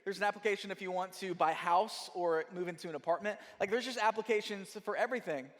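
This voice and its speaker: A young adult man giving a sermon as guest speaker, telling a story in a lively way and acting out the people in it. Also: high-pitched, fast. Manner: animated storytelling with quoted voices. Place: church hall. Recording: church hall with long reverb.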